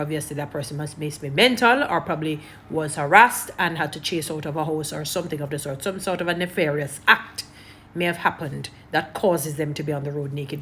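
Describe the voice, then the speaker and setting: Emphatic Jamaican woman, low voice. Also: a bit bright, slight background noise. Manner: emphatic, preachy, repeats points. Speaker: online commentator. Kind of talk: casual commentary to camera.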